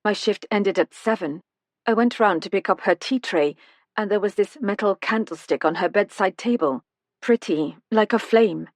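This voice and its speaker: A woman narrator voicing an earnest young female nursing apprentice who speaks quickly and urgently. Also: medium pitch, a little mellow, no echo, clean studio sound, close to an everyday voice. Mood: recalling.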